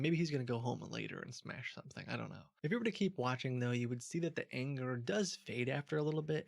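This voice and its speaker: A man narrating scripted commentary in a dry, analytical tone. His voice sits at an ordinary pitch with a gravelly fry running through it. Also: dry recording. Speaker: video commentator.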